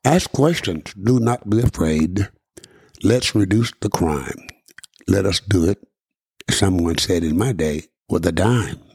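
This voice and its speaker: Older man with a husky, preacherly address. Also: low voice, lively intonation, darkish tone, no room sound, clean studio sound. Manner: preacherly, emphatic, with slow deliberate stresses. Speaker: podcast host. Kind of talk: earnest direct address to listeners. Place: studio.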